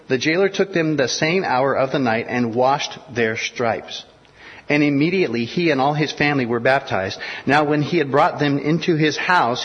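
A man preaching a sermon, walking through the passage verse by verse and slipping into the voices of the people in the story. His voice is slightly husky and carries a long reverb through a large hall. The recording sounds a bit dull. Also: medium pitch. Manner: expository preaching, acting out biblical dialogue. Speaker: pastor.

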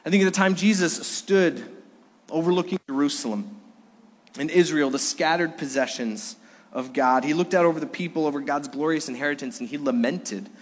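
A middle-aged man preaches from the pulpit with a fairly high voice, leaning hard on key words and then dropping to a hush. The long reverb of the church sanctuary trails behind him. He sounds earnest and heartfelt. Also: moderate pace. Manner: earnest preaching, swings between loud emphasis and soft hushed lines. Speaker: pastor. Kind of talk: sermon. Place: church sanctuary during a Sunday service.

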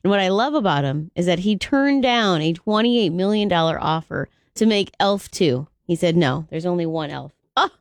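Woman morning radio host, lower voice, dry studio sound, upbeat gossip delivery. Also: animated, moderate pace, few pauses, no echo. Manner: chatty, enthusiastic. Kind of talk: entertainment news segment.

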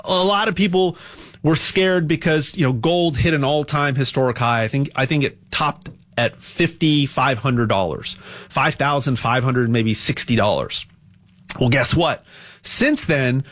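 A man hosting a show, talking in a rambling, impassioned monologue with a sales pitch and lots of stammered restarts. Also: lively intonation, measured pace, fairly bright tone. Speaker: radio show host.

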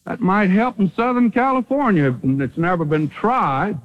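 Animated old-time radio preacher man. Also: high-pitched, normal speed, lo-fi sound. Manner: dramatic, swings from loud to hushed. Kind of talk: sermon.

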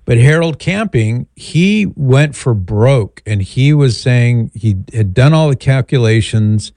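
A middle-aged man hosting a call-in show, answering a caller in a measured, thoughtful way with rambling asides. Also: mid-range voice, animated, a little mellow, no echo. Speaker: radio show host. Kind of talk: call-in advice talk.

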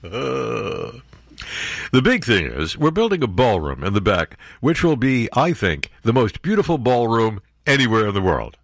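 A man's voice: mid-range voice, very animated, a little slow, creaky, dry recording. A man hosting a talk radio show, reading news aloud and breaking in with sarcastic, mocking commentary.

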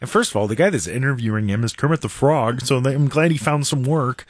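A man's voice: mid-range voice, fairly quick, dry recording. A man hosting a political talk show, mocking and sarcastic in his commentary.

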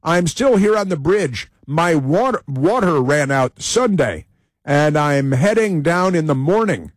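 A man's voice: a little high, very animated, unhurried, dry recording, pitched above the performer's own voice. A man voicing a mocked male protester in a raised, sing-song tone. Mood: mock earnest. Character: mocked young male bridge protester, earnest.

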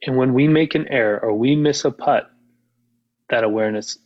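A man who is a mental performance coach and author, talking calmly and reflectively in a casual podcast conversation. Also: mid-range voice, moderate pace, muffled recording.

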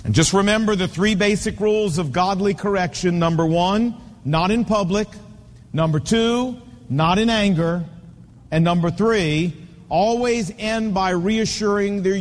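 A man in his fifties preaching a sermon, telling stories and hammering home points with repeated punchy phrases. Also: high voice. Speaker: pastor. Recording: long reverb of a large hall.

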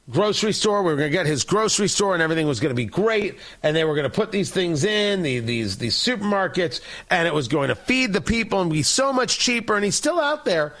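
A man's voice: high voice, fairly bright tone. A man hosting a political talk show, delivering an opinionated monologue in a sarcastic, combative, mocking way.

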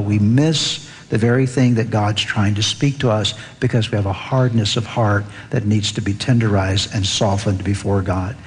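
A man's voice: darkish tone, husky. Earnest male preacher in reverberant hall. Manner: earnest, rises in pitch reading scripture aloud. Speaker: pastor. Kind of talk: sermon.

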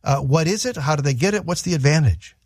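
A man's voice: fairly high pitch, expressive, quick pace, a little mellow, slightly rough, no echo. A man co-hosting a radio program, reading promos and contact details in a friendly, upbeat way into a studio microphone. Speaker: radio co-host and announcer. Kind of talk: radio announcing.

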